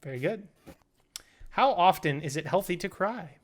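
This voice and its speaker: A young man co-hosting a casual chat show, firing off playful quick questions at his friend and laughing along. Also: high voice, expressive. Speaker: podcast co-host.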